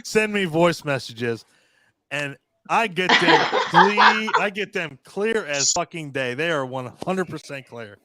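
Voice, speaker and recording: A man hosting a casual chat, excitable and profane, from Scotland. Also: on the high side, measured pace, very noisy. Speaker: podcast host.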